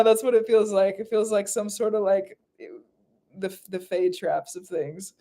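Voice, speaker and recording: A woman's voice: mid-range voice, moderate pace. A woman giving a live spiritual reading in casual chat, who laughs often and repeats phrases. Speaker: spiritual reader.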